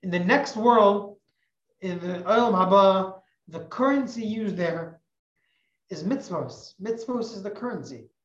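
A woman's voice: mid-range voice, unhurried. Woman, religious teacher, storytelling a parable, emphatic, repeats herself, dull muffled audio. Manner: animated, emphatic, repeats phrases. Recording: echoey, muffled recording.

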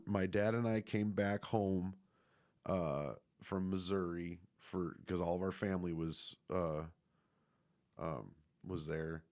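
A man's voice: sits low, darkish tone. A young man casually telling a rambling personal story, laid-back and swearing often.

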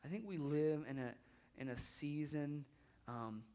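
A man's voice: fairly high pitch, unhurried, a little mellow. A man in his thirties preaching a sermon in a church, conversational, often repeating words as he builds up intensity. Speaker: pastor.

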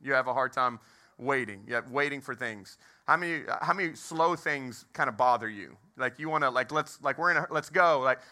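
A man's slightly high voice rings bright and forceful as he preaches. He is a Texan pastor in his thirties, telling a humorous story and asking questions of the crowd in a movie theater turned church.

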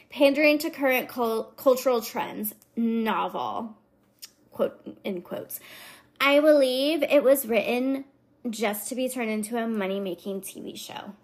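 A woman's voice: on the high side, a little slow. A woman voicing a snippy young female book critic with a dismissive Valley Girl drawl. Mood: scornful.

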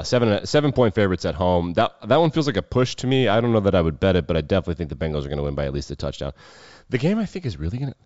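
Host type, low-voiced guy, loose and cussy sports picks, dry dull mic. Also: a little mellow, dry recording. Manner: loose, irreverent, swears freely. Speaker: sports betting show host. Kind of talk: casual sports talk.

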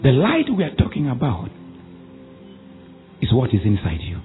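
A man preaches with call-and-response commands, his voice leaping high and dropping low. The sound is thin and phone-like, with faint music underneath. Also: huge pitch swings. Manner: commanding call-and-response preaching, swinging between shouts and low drawn-out lines. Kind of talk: sermon.

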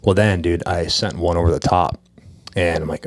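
A man with a low, deep voice chats casually as a podcast co-host. He tells his stories with animated, self-mocking energy and curses freely when he gets fired up. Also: moderate pace. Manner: animated storyteller, self-deprecating, swears when worked up. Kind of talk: casual chat.

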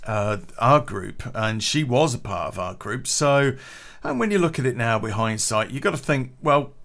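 A man's voice: mid-range voice, animated, moderate pace, vocal fry, a bit bright. A man telling a casual anecdote, chatty, swearing freely and laughing at his own story.

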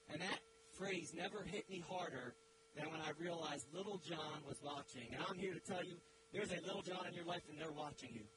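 High-voiced man preaching over loud hum. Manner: dramatic storyteller, builds to loud emphatic peaks. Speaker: guest preacher. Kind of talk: sermon with storytelling. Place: church.

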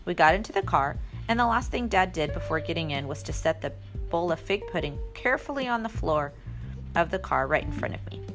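Woman storyteller, lowish voice, very animated pitch, expressive read-aloud. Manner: lively, expressive narration. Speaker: narrator. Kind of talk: storybook reading.

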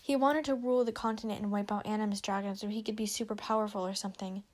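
A woman's voice: medium pitch, fairly even intonation, fast, natural voice. Woman reading as a bitter know-it-all male dragon. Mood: lecturing. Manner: bitter, hissing.

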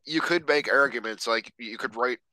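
A man's voice: mid-range voice, moderate pace, sharp tone, no echo, poor audio. A man co-hosting a casual movie review podcast, rambling with loose, filler-heavy talk. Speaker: podcast co-host. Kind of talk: casual film review chat.

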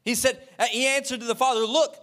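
A man's voice: very high voice, little pitch movement, fast talker, sharp tone. A male pastor preaching a sermon with impassioned, emphatic repetition, speaking directly to his congregation.

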